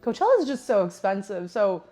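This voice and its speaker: A woman's voice: mid-range voice, sing-song, a little fast, warm tone, faint music behind. A woman in her twenties telling a casual storytime, chatty, laughing often and saying "like" a lot. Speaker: vlogger.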